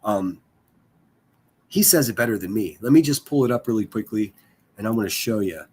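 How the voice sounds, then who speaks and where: A man's voice: on the low side, animated, a little fast, darkish tone, slightly rough. Rambling profane man streaming. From Pittsburgh area. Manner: rambling, profane, many fillers and restarts. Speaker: live streamer. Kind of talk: casual profane live stream chat.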